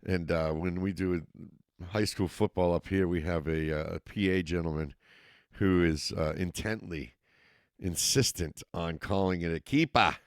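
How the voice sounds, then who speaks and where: A man's voice: sits low, a little slow, dry recording, studio quality. A man from Massachusetts with a slight local accent, calling play-by-play for a youth football game. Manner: steady play-by-play, rising excitement on scoring plays. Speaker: play-by-play announcer.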